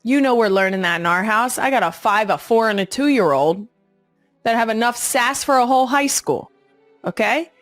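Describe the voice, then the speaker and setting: A woman's voice: on the high side, animated, moderate pace, no room sound, soft background music. A woman in her thirties hosting her own podcast, talking casually in a blunt, sassy way and swearing freely. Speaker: podcast host. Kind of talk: casual monologue.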